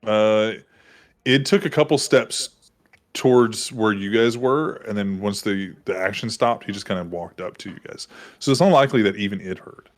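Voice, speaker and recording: A man's voice: on the low side, normal speed. A man narrating a tabletop game as game master, casual and rambling with many fillers.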